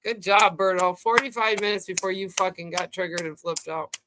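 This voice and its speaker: A woman's voice: lowish voice, a little fast, background noise. A woman hosting a live stream in casual chat. She rambles loosely and swears freely.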